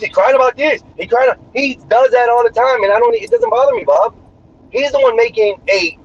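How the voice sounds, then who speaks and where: A man streaming live, arguing heatedly and defensively, swearing a lot. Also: extremely high pitch. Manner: profane, defensive, argumentative. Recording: dull lo-fi stream audio, faint noise.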